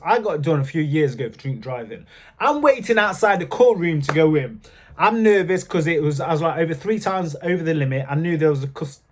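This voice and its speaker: A man telling candid personal stories to camera in a chatty way, with frequent fillers. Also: on the high side. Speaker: vlogger. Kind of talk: casual storytelling to camera.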